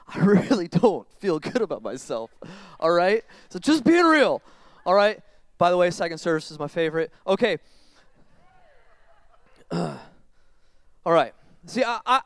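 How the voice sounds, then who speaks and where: High-voiced conversational pastor, crisp and dry. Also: male voice, dry recording. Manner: conversational, animated, switches between quiet reflection and loud emphatic bursts. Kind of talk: sermon. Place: church sanctuary.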